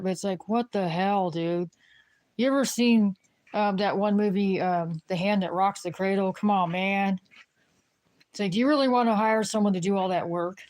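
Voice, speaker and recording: A woman's voice: fairly low pitch, a little mellow. A woman griping in a casual, rambling rant to the camera, swearing freely and filling her talk with "you know what I mean.". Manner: rambling, profane griping, lots of fillers.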